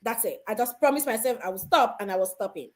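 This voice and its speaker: A woman from Africa telling personal parenting stories, animated and laughing often. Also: a little high, fast. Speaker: guest mother. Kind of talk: casual storytelling.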